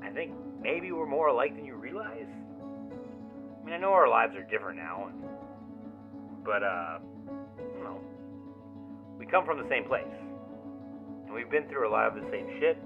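A man's voice: mid-range voice, big pitch swings, normal speed, long pauses, over music. An actor playing an obsessive young man who leaves rambling, swearing, overly familiar voicemails in an audio drama. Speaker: caller leaving voicemails. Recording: tinny phone-line voicemail.

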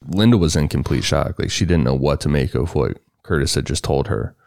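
A man's voice: a bass voice, a little fast, gravelly, darkish tone, dry recording, clean studio sound. A man co-hosting a true-crime podcast, retelling the case in a plain, matter-of-fact way. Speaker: podcast co-host narrating a case. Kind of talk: casual true-crime storytelling.

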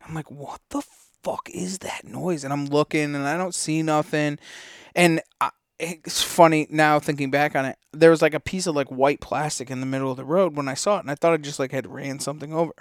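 Male podcast co-host, slightly high, smooth tone; loose, rambling, swears freely. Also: steady tone, brisk, no echo, clean studio sound. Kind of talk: casual storytelling.

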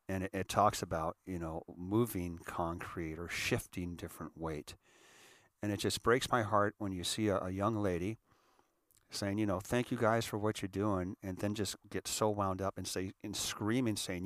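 A man's voice: lowish voice, steady tone, normal speed, fairly bright tone, no room sound, studio quality. A middle-aged man hosting a show, talking earnestly and emotionally, often repeating and restarting his words. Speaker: podcast host. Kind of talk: casual heartfelt monologue.

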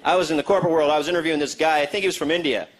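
A man performing a stand-up comedy set, animated and putting on voices for the people he quotes. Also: fairly high pitch, very fast. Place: comedy venue before a live audience. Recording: live show with crowd laughter and noise.

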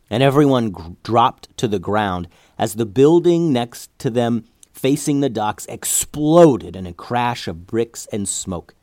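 A man reads an action-packed adventure story aloud with lively storytelling. His voice sits on the low side. The recording is dry with almost no room echo. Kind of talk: storybook narration.

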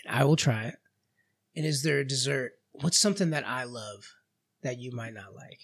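A man's voice: mid-range voice, moderate pace, fairly bright tone, breathy edge. A man co-hosting a podcast, chatting casually, laughing often and telling stories with quoted voices. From Florida. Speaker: podcast co-host. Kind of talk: casual chat.

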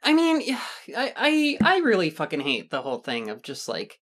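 A woman speaking on a casual podcast in a low voice that still swings widely in pitch. She is blunt and weary, sighing between words and swearing. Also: wildly swooping pitch, moderate pace. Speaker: podcast co-host. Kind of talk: casual chat.

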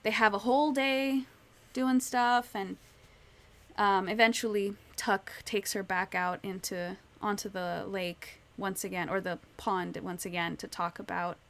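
In a casual book discussion, a woman with a mid-range voice speaks at a measured pace. She's an animated storyteller, retelling scenes and sprinkling in plenty of "like" and "you know."

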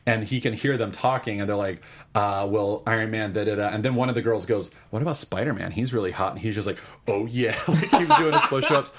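Excitable man rambling through a recap. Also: fairly low pitch, fast, a little hiss or hum. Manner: excited, rambling recap with many fillers and restarts. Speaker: podcast co-host. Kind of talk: casual movie chat.

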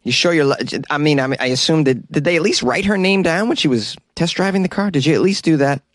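A man's voice: on the high side, quick pace, no room sound, studio quality. A man from the Boston area hosting a comedy news podcast, talking in a sarcastic, joking way and laughing at his own lines. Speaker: podcast host. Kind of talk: casual comedic monologue.

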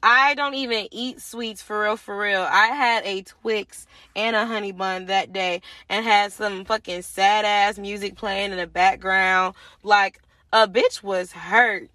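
A woman's voice: medium pitch, a little slow, dry recording. Young woman, podcast host, casual storytelling, swears freely, close and dry sound. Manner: animated, profane, acts out quoted voices.

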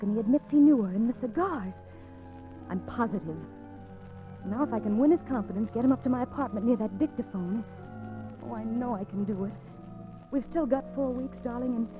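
A woman's voice: on the high side, natural voice. A woman playing a determined young woman who secretly baits a suspected killer, in 1940s radio acting, breathless and stammering. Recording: dull lo-fi old radio recording, faint music.

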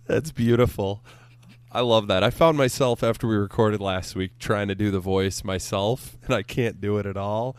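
A man's voice: fairly low pitch, moderate pace, a little mellow, clean tone. A man hosting a sports podcast, chatting casually with a dry, teasing humor.

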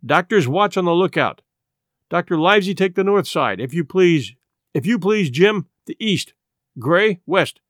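A stern, curt ship's captain, read out by a man, snapping clipped commands. His voice sits a little high and moves a lot in pitch. Recorded close and dry. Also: expressive, unhurried, fairly bright tone, no room sound. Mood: commanding. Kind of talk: audiobook character reading.

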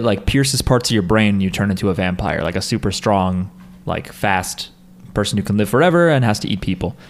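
A man's voice: fairly low pitch, slight background noise. Casual man explaining an anime plot. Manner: profane, explanatory, leads the discussion. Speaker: podcast co-host. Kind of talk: casual anime recap chat.

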